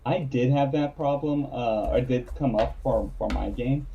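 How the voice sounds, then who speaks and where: A man narrating his turn in a tabletop game in a halting, hesitant way. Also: medium pitch, mellow, muffled recording, a little hiss or hum. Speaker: player.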